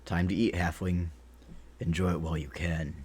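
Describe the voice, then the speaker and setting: A man reading the lines of a scornful male jail guard in a video game, in a low voice. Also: flat delivery, normal speed, a little mellow, slight background noise, close to an everyday voice. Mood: sneering.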